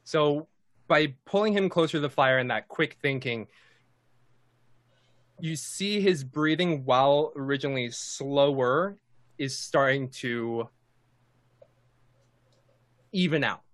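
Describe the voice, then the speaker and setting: A man running a tabletop game as game master, narrating in a measured way with small hesitations. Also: medium pitch, fairly bright tone, dry recording.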